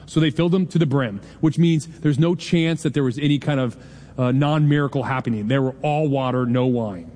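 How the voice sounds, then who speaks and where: A man in his forties preaching a sermon in a conversational, joking way, with quick asides to the congregation. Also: mid-range voice, warm tone, big-room sound. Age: 40s. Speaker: pastor.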